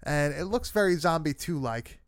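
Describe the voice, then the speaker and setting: A man's voice: a little high, expressive, normal speed, dry recording, clean studio sound. A man casually recapping a horror film with friends, swearing often and leaning on fillers. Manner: loose, swearing, many fillers.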